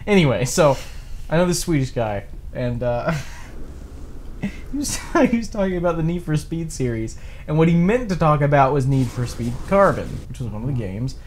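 A man's voice: fairly high pitch, normal speed, a little hiss or hum. A man casually chatting and laughing a lot while playing a strategy game for a let's-play video. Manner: giggly, laughs often, animated storytelling. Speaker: gameplay commentator.

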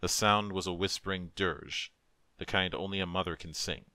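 A man who is a streamer reads a dark fantasy story aloud with a solemn, emotive, measured delivery into a close microphone. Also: deep voice, steady tone, dry recording. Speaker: narrator, streamer. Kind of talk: dramatic story reading.

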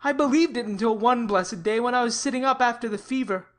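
A woman reading the lines of a frank, tender young man in love, at a quick, heartfelt pace. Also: on the high side, close to an everyday voice. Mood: earnest. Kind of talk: audiobook character reading.

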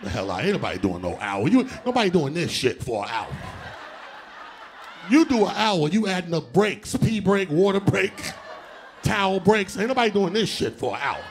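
A man doing a live stand-up set, loud and animated, shouting out punchlines and acting out other people's voices. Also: high-pitched, normal speed, slight background noise. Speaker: stand-up comedian. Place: theater stage before a live audience.

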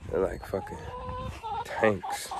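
A man vlogging outdoors on his rural property, talking in a laid-back, slangy way and calling loudly to his dog. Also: slow, noisy background. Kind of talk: casual outdoor vlog.

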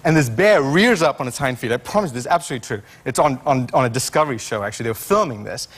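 A man's voice: mid-range voice, racing, breathy edge. A male scientist guest on a late-night talk show, telling stories with lots of fillers and restarts. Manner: animated storyteller, fillers and restarts.

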